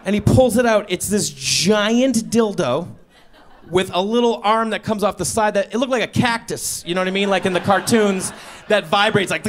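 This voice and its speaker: A man with a high-pitched, gravelly voice performs stand-up before a live audience. His story comes out awkward and sheepish, punctuated by bursts of exasperation.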